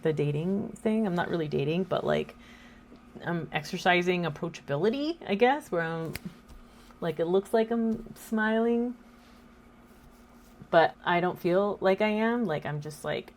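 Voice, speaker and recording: A woman's voice: medium pitch, slight background noise. A woman in her thirties hosting a casual faith talk, chatty and joking, quoting scripture. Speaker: host.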